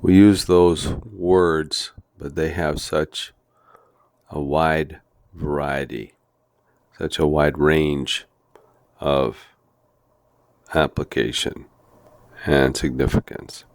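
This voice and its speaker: A man with a very low voice teaches a devotional Bible lesson. He speaks slowly and deliberately, weaving in folksy, humorous stories from his own life. The sound is dry and close, with no room around it. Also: fairly even intonation, no room sound. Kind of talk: devotional teaching with personal anecdotes.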